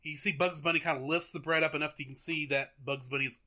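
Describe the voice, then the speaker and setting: A young man hosting a podcast, retelling a cartoon in a chatty, animated way. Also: on the high side, quick pace. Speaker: podcast host. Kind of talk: casual chat, retelling a cartoon.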